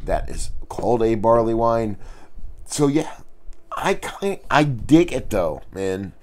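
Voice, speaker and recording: A man with a raspy voice, casually reviewing a beer in a laid-back, rambling way, swearing now and then. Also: medium pitch, big pitch swings, slow pace, a little mellow.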